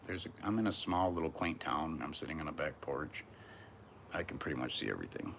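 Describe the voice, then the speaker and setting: A man's voice: extremely low pitch, expressive, a little fast, vocal fry, a bit bright, slight background noise. A man vlogging from a back porch outdoors, talking in a brash, profane, rambling monologue.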